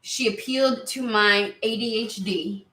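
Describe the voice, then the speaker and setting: A woman's voice: a little high, unhurried, sharp tone, roomy sound. A woman giving a casual tarot reading to camera, chatty and rambling, easily sidetracked. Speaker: tarot reader.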